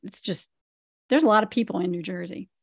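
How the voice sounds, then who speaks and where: A woman's voice: medium pitch, a little fast, gravelly, no room sound, clean studio sound. A middle-aged woman, a podcast guest, speaking in a friendly, casual way and laughing easily. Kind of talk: casual interview chat.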